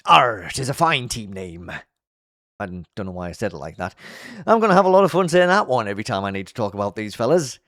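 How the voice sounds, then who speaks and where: A man giving a playful, self-mocking commentary on an animated web show, recapping it as he goes. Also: on the low side, very fast, few pauses, no room sound, studio quality. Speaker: video commentator.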